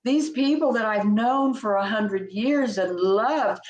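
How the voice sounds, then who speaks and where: A woman's voice: a little high, slow, a little mellow, highs cut off, slight background noise. An older woman, a senior sales director, reminiscing in a heartfelt, meandering way with many restarts. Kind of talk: reminiscing conversation. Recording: echoey room.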